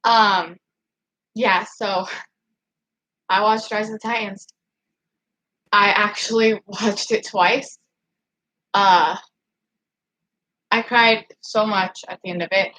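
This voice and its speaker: A woman's voice: mid-range voice, steady tone, takes it slowly, pauses often, bright, forceful tone, low-quality recording. A woman on a casual livestream, rambling and emotional, still upset after crying, with nervous laughs and many fillers while she answers her chat. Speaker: livestreaming vlogger.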